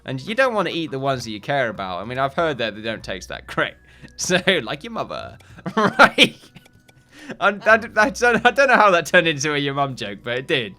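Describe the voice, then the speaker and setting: A gaming channel host narrates a let's play in a medium-pitched, very animated voice with a sharp tone and quick pace. His casual commentary rambles, full of jokes at his own expense.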